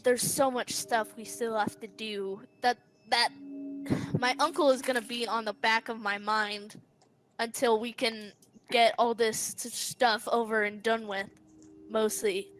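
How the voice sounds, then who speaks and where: A woman's voice: fairly high pitch, fairly even intonation, unhurried, fairly bright tone, rough recording. A woman playing a tabletop game, talking hesitantly with sighs and laughs. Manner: hesitant, sighing, laughs often. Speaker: player. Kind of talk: tabletop role-play chat.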